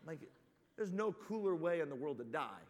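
A high-voiced man delivers a sermon as a comic story, animated and rambling, full of "like." His voice rings with the long reverb of a large hall. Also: moderate pace, a faint crowd. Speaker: preacher.

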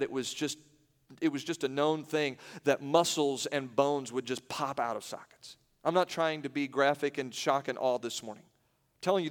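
Preaching man in a reverberant hall. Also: mid-range voice. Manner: dramatic, swings from loud to hushed. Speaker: pastor. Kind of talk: sermon.

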